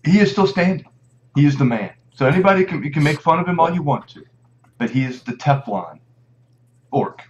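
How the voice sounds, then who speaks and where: A man's voice: fairly high pitch, lively intonation, brisk, darkish tone. Rambling man on a muffled line. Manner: rambling anecdotes and toasts. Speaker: podcast panelist. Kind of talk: casual panel chat.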